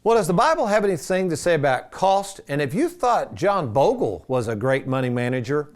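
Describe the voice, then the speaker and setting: Male host, emphatic and folksy, a touch high-pitched, talking viewers through money costs. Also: big pitch swings, fairly quick. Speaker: financial advisor and show host. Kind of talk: presenting a money show to viewers.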